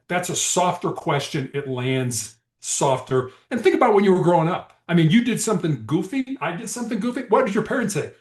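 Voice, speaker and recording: A man tells stories on a podcast, his voice swinging up and down as he acts out the people he quotes. His pitch sits a little high. The room around him has a noticeable echo. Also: moderate pace. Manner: animated, acts out quoted dialogue. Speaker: podcast guest, former hostage negotiator. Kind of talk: conversational storytelling. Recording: echoey room.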